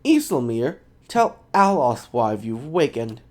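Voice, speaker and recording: A man's voice: medium pitch, very animated, a little slow, a little mellow. A man reading the player hero's lines in a plain, questioning way.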